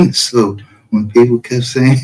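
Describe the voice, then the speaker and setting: A man holds forth on a casual livestream, brash and profane. His voice sits at an ordinary middle pitch, and he breaks into laughter often between his points. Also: a little mellow. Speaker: livestream host.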